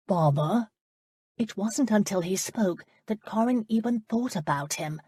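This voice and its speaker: A woman narrating an audiobook in an even, measured reading. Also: medium pitch, slightly rough, no room sound, clean studio sound. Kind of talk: scripted narration.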